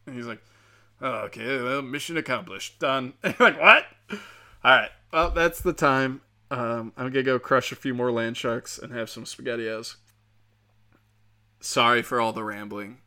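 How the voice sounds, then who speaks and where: Rambling, profane young man, bright voice. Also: medium pitch, fairly even intonation, moderate pace. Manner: casual, profane, many filler likes. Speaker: podcast host. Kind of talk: rambling solo podcast monologue.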